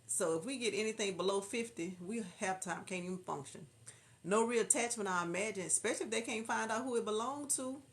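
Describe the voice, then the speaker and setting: A woman with a natural Southern drawl hosts a casual livestream, chatting and laughing along with her viewers. Her voice sits at a middle pitch, and she greets people by name as she reads their comments aloud. Her manner is loose and easygoing. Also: a little fast. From Houston, Texas. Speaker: livestream host.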